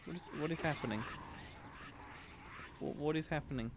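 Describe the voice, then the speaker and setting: A young man chatting casually while livestreaming a game, excitable and prone to nerdy tangents about graphics. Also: a little high, normal speed, noisy background. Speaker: game streamer.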